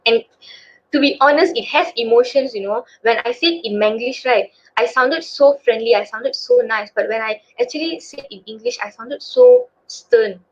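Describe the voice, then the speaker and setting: A young Malaysian woman with a Malaysian accent presents in a casual student webinar, her voice on the high side and expressive at a normal speed. She's chatty and uses lots of fillers, and the video-call audio sounds dull and lo-fi.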